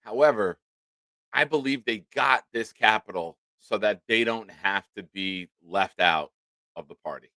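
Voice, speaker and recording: A man with a lowish voice, speaking a little slowly with no echo, hosts a casual sports livestream. He's animated, swears casually, and thanks supporters by reading out their names.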